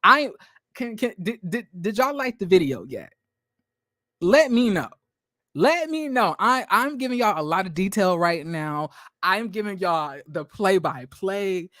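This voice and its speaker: A man giving a chatty, animated recap of a reality show to his viewers, acting out the quotes. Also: high voice, measured pace, no room sound, studio quality. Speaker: YouTube commentator.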